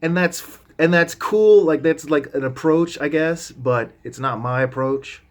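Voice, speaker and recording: A man's voice: on the high side, unhurried. A man vlogging as he tells a rambling story in a loose, casual way, full of restarts and asides, with the odd swear word.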